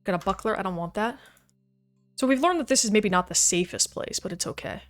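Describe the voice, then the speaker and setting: A woman's voice: mid-range voice, animated, fairly quick, soft background music. A woman streaming a video game, chatting casually with her viewers as she plays and often laughing. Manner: chatty, talks to chat while playing, laughs often. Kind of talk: casual livestream gaming chat.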